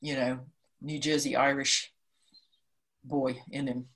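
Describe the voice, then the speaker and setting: A woman in her sixties from Liverpool, chatting as an interview guest and telling lively anecdotes that act out the voices of people in them. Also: rumbling low, takes it slowly. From Liverpool, England. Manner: chatty and animated, acts out quoted voices. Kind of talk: casual storytelling in conversation.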